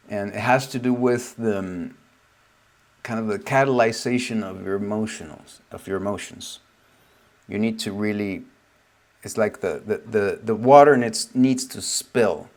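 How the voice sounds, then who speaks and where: A man giving a casual spoken teaching as a spiritual teacher, reflective and meandering, often trailing off softly. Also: lowish voice.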